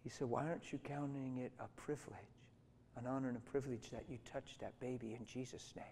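A middle-aged man preaches to his congregation, telling his story with lively, emotional swings and acting out the other people's voices. His voice has a middle pitch, neither low nor high. The sound carries the long reverb of a big hall. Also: brisk, creaky, a little hiss or hum. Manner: animated storytelling, acts out voices. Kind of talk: sermon.

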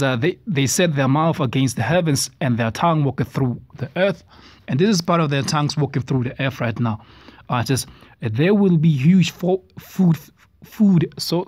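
Man, preachy commentary, halting delivery, repeats himself, mid pitch, dry close sound. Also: darkish tone, no echo. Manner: halting, repeats words, reads passages aloud. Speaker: religious commentator. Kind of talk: preachy response-video commentary. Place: South Africa.

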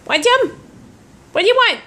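A woman's voice: very high-pitched, sing-song, normal speed. A woman talking baby-talk to her pet parrot at home, coaxing and repeating short questions in a sing-song way. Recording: home video with clear background noise.

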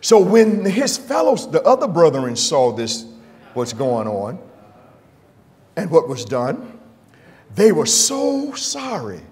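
A man preaching a fiery church sermon, shouting in drawn-out phrases and calling on the congregation for praise. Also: fairly high pitch, huge pitch swings. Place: church sanctuary. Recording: reverberant hall, faint congregation.

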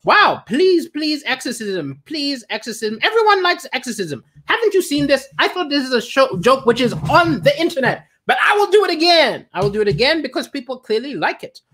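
A man's voice: very high-pitched, sing-song, fairly quick, few pauses, bright, forceful tone. A man hosting an online comedy show, delivering a stand-up monologue with restarts and self-deprecating punchlines.

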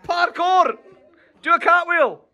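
A high, bright male voice, full of playful teasing. He swings his pitch up and down all the time, a young vlogger chatting casually behind a handheld camera. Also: slow pace, highs cut off. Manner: playful, joking, animated. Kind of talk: casual vlog chat.

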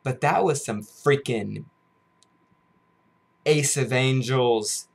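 A young man from the United States reviews a music video for his channel, gushing and exclaiming over and over. His voice sits at an ordinary middle pitch, jumping to loud bursts and then dropping to hushed awe. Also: very slow, creaky. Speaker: YouTuber reacting to a music video. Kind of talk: excited reaction vlog. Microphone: headphones on, camera mic.

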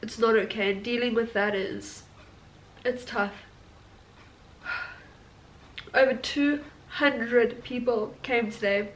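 Tearful young woman speaking slowly. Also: on the high side, steady tone, slight background noise, poor audio. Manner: emotional, halting, laughing through tears. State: tearful after crying. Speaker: vlogger, tattoo studio owner. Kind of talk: emotional personal vlog. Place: at home.

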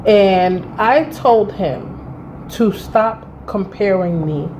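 A woman of thirty vlogging a casual storytime indoors by a window, blunt and profane, telling it with animated energy. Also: mid-range voice, drawn-out words, noisy background.

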